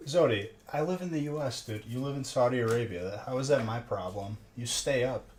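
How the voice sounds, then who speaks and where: A man's voice: mid-range voice, fairly quick. Guy streaming late at night, rambles and jokes with chat, roomy echo and noisy background. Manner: rambling, joking banter with chat. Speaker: live-stream host opening card packs. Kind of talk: casual live-stream chat. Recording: echoey room with background noise.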